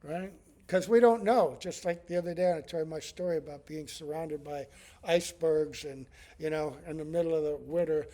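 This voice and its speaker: A man's voice: a little high, moderate pace, warm tone. A man, a monk, giving a devotional scripture class in a conversational way, chuckling often and using many fillers.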